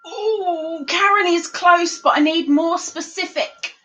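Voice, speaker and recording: A woman hosting a live-streamed trivia game, chatty and playful, reading the questions out slowly. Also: extremely high pitch, sharp tone, poor audio. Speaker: livestream quiz host.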